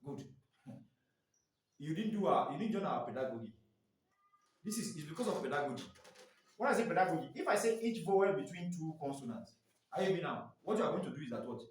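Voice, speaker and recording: Male trainer, 40s, slightly high voice, keeps prompting "what?", recorded far off in a booming room. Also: very animated, fast, pauses often. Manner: quizzing, often ends phrases with a prompting "what?"; spells out letters and sounds one by one. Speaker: staff trainer. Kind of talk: classroom training lecture. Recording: echoey room, mic far off.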